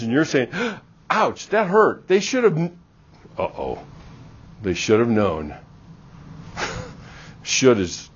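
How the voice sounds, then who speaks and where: Man, middle-aged, university lecturer; animated, plays out dialogues; lo-fi classroom recording. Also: fairly low pitch, a little hiss or hum. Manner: animated, acts out little dialogues.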